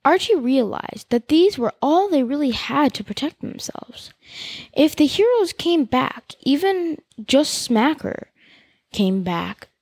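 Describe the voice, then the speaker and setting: A woman podcast host reading a novel aloud in a steady, expressive way. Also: sits high, slightly rough, no room sound.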